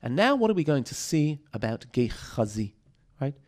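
A man's voice: medium pitch, sing-song, normal speed. A man teaching a text study lesson, reading verses aloud and explaining them with rhetorical questions. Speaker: Bible teacher.

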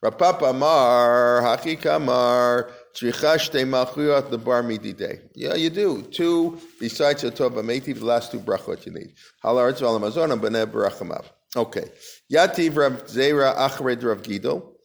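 Gravelly-voiced man teaching Talmud. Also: medium pitch, moderate pace. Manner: reads Aramaic aloud then explains in casual English. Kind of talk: lecture reading and explaining Talmud.

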